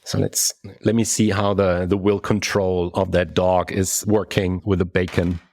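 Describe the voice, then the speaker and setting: A man narrating a tabletop game as game master, with halting delivery and frequent restarts. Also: deep voice, level tone, darkish tone, a little hiss or hum.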